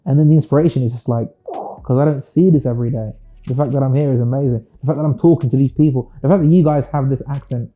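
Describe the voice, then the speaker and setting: A British singer-songwriter speaking in a casual interview, reflective and playful, often slipping into quoted voices. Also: male voice, medium pitch, warm tone. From United Kingdom.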